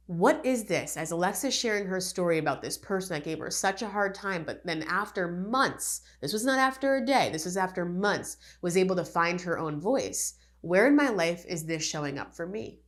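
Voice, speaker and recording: A woman coach talks through a personal story in a lowish voice. She is earnest and candid, acting out the dialogue she recalls before turning it into advice for the listener. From Connecticut, USA. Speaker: life coach. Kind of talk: podcast monologue, personal storytelling.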